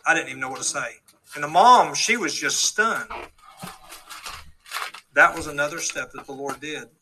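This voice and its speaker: Earnest man telling a bright-toned testimony. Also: fairly high pitch, slight background noise, rough recording. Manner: earnest storytelling, acts out quoted dialogue. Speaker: speaker giving a testimony. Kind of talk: testimony story told to a live audience.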